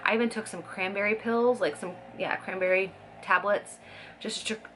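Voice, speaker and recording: A woman's voice: medium pitch, steady tone, moderate pace, fairly bright tone, slight background noise. A woman in her thirties chatting casually to camera as a vlogger, talking in a scattered way with fillers and laughs. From Scottish heritage.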